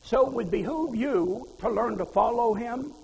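A man's voice: extremely high pitch, lively intonation, moderate pace, gravelly, darkish tone. A man preaching a sermon in a folksy way, asking the congregation questions and quoting scripture. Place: church hall. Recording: reverberant hall.

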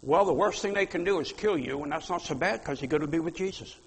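Male pastor, husky, emphatic sermon delivery, long church-hall reverb. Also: fairly high pitch, fast talker. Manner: fiery, emphatic preaching with sudden loud outbursts.

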